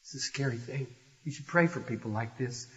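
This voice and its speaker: An older man, a pastor, preaching an impassioned sermon that swells from hushed to loud and urgent. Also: medium pitch, fairly quick. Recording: dull, echoey hall recording.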